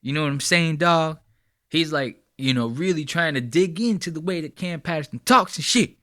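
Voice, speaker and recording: Bright, dry-sounding male podcast host. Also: on the high side, no echo. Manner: profane, rambling, filler-heavy. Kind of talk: casual commentary on clips.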